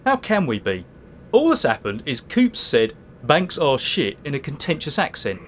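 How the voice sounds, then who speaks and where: An actor playing a sceptical, deadpan man who needles the others with dry, sardonic questions. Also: mid-range voice, normal speed, slight background noise. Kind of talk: sitcom acting.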